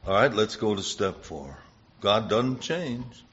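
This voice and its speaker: A man preaching a sermon, emphatic, building to loud bursts on key points. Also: fairly low pitch, animated, slow, slight background noise. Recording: dull lo-fi recording.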